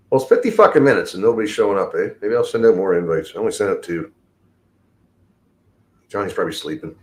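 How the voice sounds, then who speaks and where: A man hosting a casual livestream, rambling loosely and swearing constantly as he talks about his work as a tradesman. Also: sits low. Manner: rambling and heavily profane. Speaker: livestream host.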